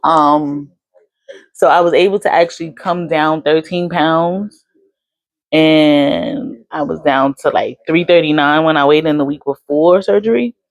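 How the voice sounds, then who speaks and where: A woman's voice: deep voice, unhurried. A young adult woman vlogging casually, chatty with lots of fillers. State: hiccups. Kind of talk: casual chat.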